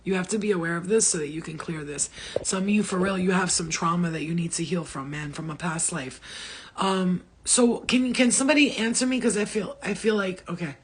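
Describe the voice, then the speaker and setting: A woman hosts a psychic live stream from home, giving casual readings in a rambling, blunt way with frequent swearing, and her throat sounds dry. Her voice is lowish and brisk, with slight background noise.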